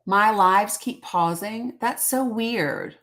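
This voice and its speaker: A woman's voice: medium pitch, slow, a bit bright. A middle-aged woman hosting a casual livestream from home on her phone, emphatic and chatty, repeating her points and greeting viewers by name. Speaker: livestream host.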